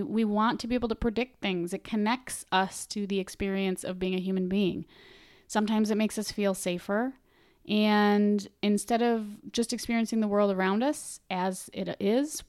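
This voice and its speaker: A woman's voice: medium pitch, a little mellow, dry recording, studio quality. A woman talking casually and earnestly about meditation, chatty, often restarting and repeating words. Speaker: meditation vlogger. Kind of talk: casual explanatory talk.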